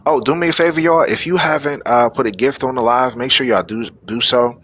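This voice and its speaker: A man's voice: medium pitch, a little fast, fairly bright tone, a little hiss or hum. A man hosting a live-streamed news show, delivering preachy, exhorting commentary to his audience. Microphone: phone or webcam on a live stream.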